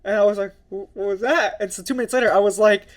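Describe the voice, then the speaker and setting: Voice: medium pitch, steady tone, fast talker. A podcast co-host telling a rambling, comic story in casual chat, acting out what people said and laughing often.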